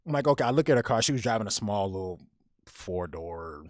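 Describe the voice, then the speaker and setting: A man telling a personal story on a podcast, animated and often repeating words as he goes. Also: fairly low pitch, brisk, no room sound, studio quality.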